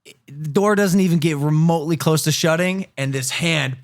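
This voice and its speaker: A man in his twenties, a podcast co-host, telling a story in casual chat, animated and laughing, loudly acting out the people in it. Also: fairly high pitch, normal speed, dry recording, clean studio sound.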